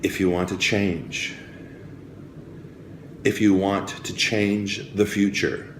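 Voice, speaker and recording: A man giving a preachy, repetitive motivational speech about health, swinging from hushed, grave passages to rousing calls to change. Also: low voice, little pitch movement, slow, long pauses. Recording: roomy with faint music behind.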